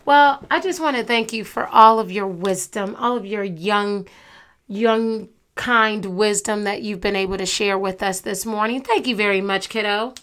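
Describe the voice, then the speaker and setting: A woman's voice: mid-range voice, moderate pace, fairly bright tone, smooth. A woman hosting a podcast, talking in an earnest, conversational way. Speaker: podcast host. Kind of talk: casual podcast talk.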